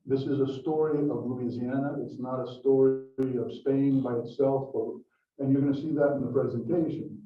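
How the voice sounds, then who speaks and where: A man's voice: mid-range voice, steady tone, moderate pace. An older man from Brazil giving a talk to an audience, telling stories in a chatty way with frequent restarts. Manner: chatty storytelling with repeated restarts. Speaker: guest speaker. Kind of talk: lecture to an audience. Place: lecture room. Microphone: microphone from some distance. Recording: roomy, distant, muffled room recording.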